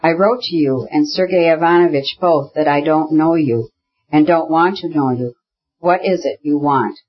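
An abrupt, angry, gaunt brother barks his lines in a slightly raised, husky tone, as a male narrator puts him on. The audiobook recording sounds dull and lo-fi. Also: fairly high pitch, normal speed. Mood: irritable. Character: gaunt sickly irritable older brother. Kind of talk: audiobook character reading.

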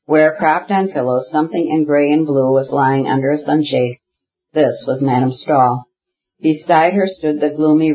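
A man narrating a classic novel as an audiobook in a measured, even manner. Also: fairly high pitch, breathy edge. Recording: dull lo-fi audiobook recording.

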